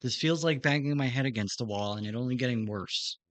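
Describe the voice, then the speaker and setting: A man's voice: mid-range voice, a little fast, dry recording. A man streaming himself practicing in a drone racing simulator, muttering to himself and swearing in frustration as he plays. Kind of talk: live gameplay self-talk.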